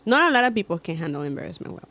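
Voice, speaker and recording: A woman's voice: fairly low pitch, sing-song, rapid-fire, fairly bright tone. A woman co-hosting a podcast in casual chat, listening, chiming in with support and laughing along. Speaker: podcast co-host.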